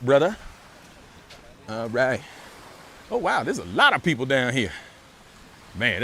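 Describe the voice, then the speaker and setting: Casual male walking vlogger on a phone outdoors, mid-pitch, relaxed, faint street noise behind. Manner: laid-back, thanks viewers for donations, repeats phrases. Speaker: live-streaming walking vlogger. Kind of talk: casual live-stream walk and talk. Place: outdoors by a beach and pools.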